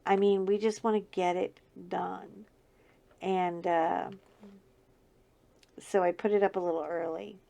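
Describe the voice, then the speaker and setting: Chatty woman with a scratchy, creaky voice. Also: fairly low pitch, little pitch movement, a little slow, long pauses, dark tone. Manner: chatty, laughs often, rambling. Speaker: crafting channel host. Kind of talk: casual chat while diamond painting.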